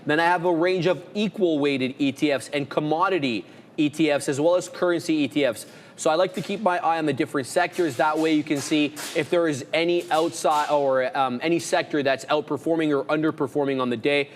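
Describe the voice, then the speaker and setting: A man's voice: fairly high pitch, brisk, in a large hall. A man co-hosting a live trading show, casually rambling through his watch list. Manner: relaxed, rambling, lists stock names.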